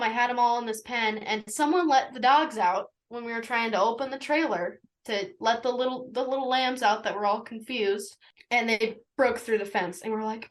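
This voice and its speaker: A woman's voice: fairly high pitch, low-quality recording. A teenage girl telling a story casually as a guest, rambling and full of fillers like "like" and "anywho.". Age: teens. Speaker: young shepherd guest.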